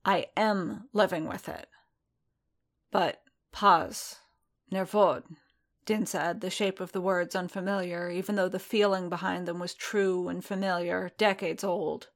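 Slow, low-voiced woman reading a story. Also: level tone. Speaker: reader. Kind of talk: reading fiction aloud.

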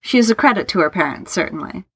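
A woman voicing a reserved, dejected English gentleman who answers in formal, clipped lines. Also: lowish voice, animated, fast talker, husky, no room sound. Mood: subdued.

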